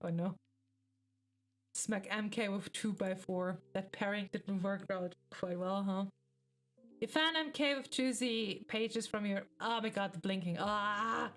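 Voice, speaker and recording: A woman's voice: medium pitch, fairly bright tone, faint music behind. Streamer woman reading a webcomic aloud. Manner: reads in a measured voice, breaks into laughing, swearing reactions. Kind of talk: casual live reading of a webcomic.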